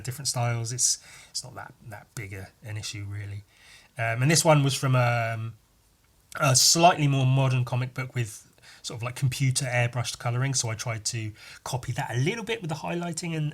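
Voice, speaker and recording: A young man talks casually over his painting process, rambling and self-deprecating. He drops into quiet asides and throws in the odd swear word. His voice sits at an ordinary middle pitch.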